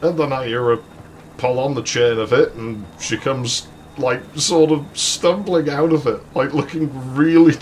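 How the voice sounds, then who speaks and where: While playing a game, a man with a voice on the high side spins a long, meandering story, cursing freely and chuckling as he goes. There's slight background noise in this let's play.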